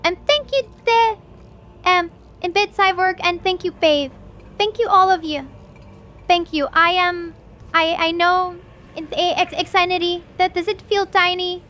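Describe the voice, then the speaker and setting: A woman streamer wrapping up a live stream, gushing with excitement and tripping over her own words. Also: very high-pitched, unhurried. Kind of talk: livestream wrap-up chat.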